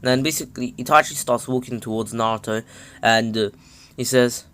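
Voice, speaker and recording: A man's voice: mid-range voice, normal speed, a bit bright, clean tone. A man casually recapping a fan story, hesitant, with many fillers and self-corrections. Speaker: channel host.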